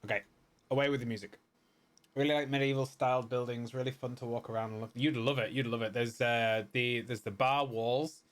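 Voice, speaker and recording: A man's voice: medium pitch, steady tone, brisk. A man giving casual, rambling gameplay commentary with many fillers and restarts. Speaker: gaming video host.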